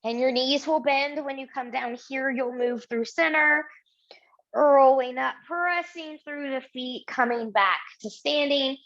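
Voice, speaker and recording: A woman's voice: high-pitched, fairly bright tone, dull audio. A woman teaching a Pilates mat class, guiding movements and saying "good" often to encourage. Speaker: Pilates instructor. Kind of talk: guided exercise class instruction.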